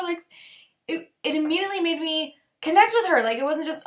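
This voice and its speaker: A woman in her thirties giving a chatty training talk to fellow coaches, full of "like"s and quick laughs. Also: very high voice, expressive, pushed and bright. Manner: chatty, many "like"s, laughs often, acts out sample posts. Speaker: fitness business coach.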